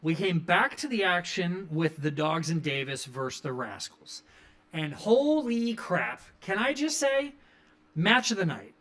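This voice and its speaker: High-voiced rambling man recapping wrestling. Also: very animated, a little slow, a bit bright. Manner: rambling, enthusiastic, frequent fillers. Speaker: wrestling review podcast host. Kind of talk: casual recap commentary.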